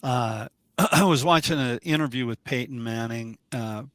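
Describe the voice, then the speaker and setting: A man's voice: medium pitch, normal speed, no echo. A man, a drum teacher, chatting casually on a podcast and telling stories with lots of restarts. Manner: animated storyteller with many restarts. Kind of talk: casual chat.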